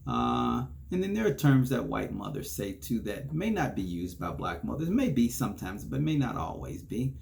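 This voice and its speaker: A man's voice: mid-range voice, sing-song, normal speed, gravelly, hardly any pauses, darkish tone. A man hosting a solo podcast, chatting casually, chuckling between points and often checking in with "okay?". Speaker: podcast host.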